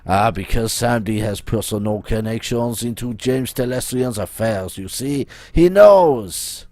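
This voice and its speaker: A man's voice: mid-range voice, a little slow, a little mellow, no echo, lightly acted. A man voicing a grand, scheming male hacker with a put-on French accent, who talks about himself in the third person. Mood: grave.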